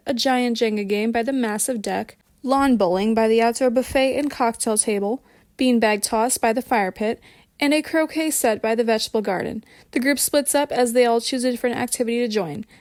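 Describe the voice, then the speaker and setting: A woman narrating an audiobook with steady, even reading. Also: on the high side, no echo, clean studio sound.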